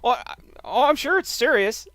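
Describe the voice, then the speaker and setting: A man's voice: very high voice, very animated, normal speed, fairly bright tone. A man on a bluetooth headset, sarcastically teasing a phone caller and often breaking into laughter. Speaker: gamer taking a scam phone call. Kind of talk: mocking casual phone talk.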